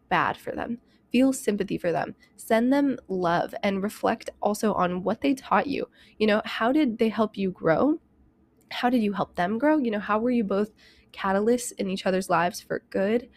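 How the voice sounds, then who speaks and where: A young woman hosting a self-help podcast, talking fast and candidly with lots of "like" and "you know", a bit out of breath. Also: medium pitch, no room sound. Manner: rapid, chatty, heavy use of "like" and "you know", candid and emphatic. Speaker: podcast host.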